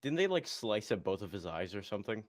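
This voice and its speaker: A man's voice: lowish voice, big pitch swings, quick pace, no echo, studio quality. A man co-hosting a casual anime podcast, laid-back and chuckling between remarks. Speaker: podcast co-host.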